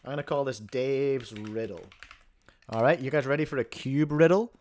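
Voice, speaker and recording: A man from New Zealand, speaking in a mid-range, slightly mellow voice at a normal speed, hosts a casual livestream. He is rambling and jokey, keeps interrupting himself, and chews a snack as he goes.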